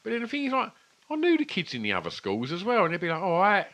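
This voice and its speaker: A man's voice: sits high, huge pitch swings, racing, a bit bright. A man, co-hosting a casual podcast chat and telling rambling, sweary stories. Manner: rambling, sweary, chatty storytelling. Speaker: podcast co-host. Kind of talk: casual chat over beers.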